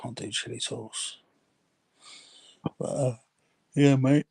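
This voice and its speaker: A man from chatting quietly and laid-back, often calling his friend mate. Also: mid-range voice, steady tone, slow pace, gravelly, husky, dry recording. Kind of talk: casual chat.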